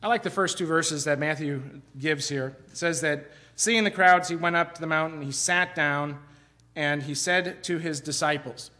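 A middle-aged man from Iowa preaching a sermon in a conversational, animated way, often restarting his sentences. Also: a little high, normal speed. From Iowa, USA. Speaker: pastor.

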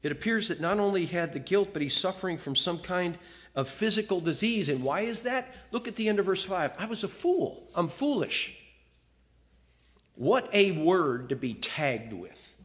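A male pastor delivers a sermon, reading scripture with feeling as he swings between loud, emphatic lines and quiet, hushed confessions. His voice is high and fairly quick, with lively intonation.

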